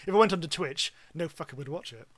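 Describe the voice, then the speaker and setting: A man's voice: a little high, expressive, fast, fairly bright tone, dry recording. A British man giving rambling, casual commentary on a live game stream, swearing freely.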